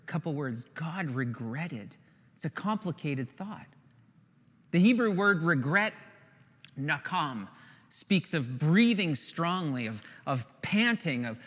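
A high-voiced man preaches in an unhurried, earnest way, pausing for weight and sinking to a hush on key words. His voice carries the long reverb of a church sanctuary. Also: animated. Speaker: pastor. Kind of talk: sermon.

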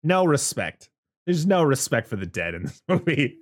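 A man's voice: fairly high pitch, normal speed, no room sound, studio quality. A man casually recapping a movie for a podcast, swearing freely and acting out the characters' lines. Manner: profane, animated retelling with acted quotes. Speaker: podcast co-host.

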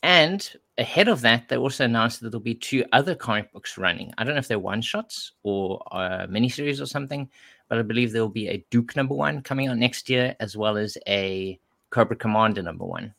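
A man's voice: medium pitch, brisk, gravelly, pushed and bright, no echo. Rambling man co-hosting a podcast. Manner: enthusiastic, rambling, with fillers. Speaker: podcast co-host. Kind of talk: casual podcast chat.

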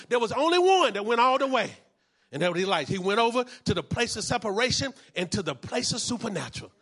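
Male pastor, sermon delivery, high-pitched, lively and fervent. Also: fast talker, slightly rough. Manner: preaching, building from calm teaching to shouted fervor.

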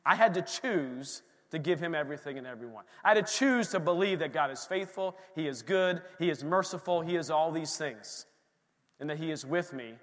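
A man's voice: on the high side, normal speed, long reverb tail. A middle-aged man, a pastor, preaching a sermon and telling a story, acting out his own reactions.

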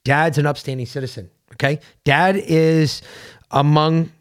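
Brief: male podcast co-host, blunt and emphatic, swears freely, slightly higher-pitched voice. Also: fairly even intonation, measured pace, clear, resonant tone. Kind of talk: casual opinion chat.

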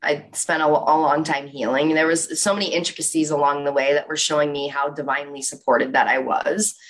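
A young woman speaks with a slightly low voice in an animated, storytelling way. She gives a motivational talk and fills it with casual "like"s.

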